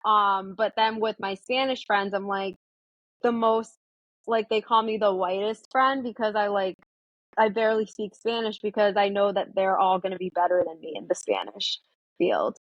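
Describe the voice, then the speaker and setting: A young woman with a mid-range voice talks as a guest in a relaxed podcast chat. She fills her sentences with "like" and acts out little quotes of what she says to people. The recording is close and dry. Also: medium pitch, normal speed, no echo, highs cut off. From United States. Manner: chatty, lots of "like", acts out her own quotes. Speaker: therapist, guest. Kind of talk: casual interview chat.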